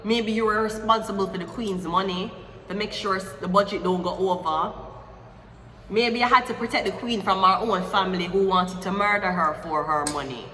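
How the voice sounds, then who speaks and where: A woman hosts a casual tarot reading, chatting and tossing in jokes as she turns the cards. Her voice is bright and forward. The room rings with a long echo over a faint hiss. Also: mid-range voice. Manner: chatty, joking asides, slow deliberate affirmations. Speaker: psychic tarot reader.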